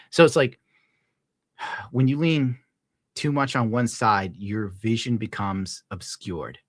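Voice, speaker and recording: A man's voice: fairly low pitch, slow pace, dry recording, clean studio sound. A young man streaming, casually ranting and reading donations, profane and rambling. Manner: profane, rambling, laid-back. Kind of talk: casual rant to viewers.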